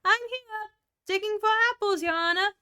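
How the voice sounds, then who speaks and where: A woman's voice: very high-pitched, fairly even intonation, normal speed, pushed and bright, voice pushed up. A woman voicing an eager, simple male servant who answers deferentially in a storybook reading.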